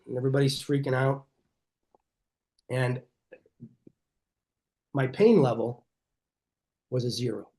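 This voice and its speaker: A middle-aged man speaks as a guest on a podcast, in a voice of ordinary, middle pitch. He tells his stories with energy and acts out the voices of the people in them. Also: takes it slowly, long pauses. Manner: energetic, animated storyteller who acts out quoted dialogue. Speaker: chiropractor guest. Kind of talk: podcast interview storytelling.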